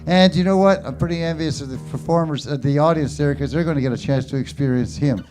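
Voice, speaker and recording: A mellow-voiced man emcees a small open mic, wandering through a story full of fillers before he rouses the crowd for the next act. Faint guitar sounds behind him. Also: fairly high pitch, quick pace. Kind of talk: rambling stage introduction. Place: small showroom stage.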